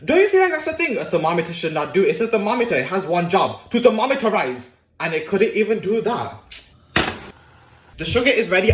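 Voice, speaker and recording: A young man with a high-pitched voice narrates his own cooking videos in a casual, playful way, cracking self-mocking jokes as he goes. There is slight background noise.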